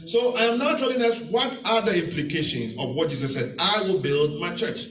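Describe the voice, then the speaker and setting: A man's voice: sits high, lively intonation, brisk, a bit bright, slight background noise. A man preaching a sermon as pastor, teaching verse by verse and repeating key phrases for emphasis. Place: church hall. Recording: echoey church hall, mic at a distance.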